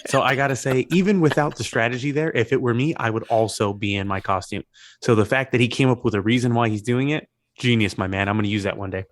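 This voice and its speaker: A man's voice: mid-range voice, fast, no room sound, clean studio sound. A man in his late twenties co-hosting a movie podcast, joking around and swearing casually. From Mexican. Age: late 20s. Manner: joking, profane, animated. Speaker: podcast co-host. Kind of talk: casual chat.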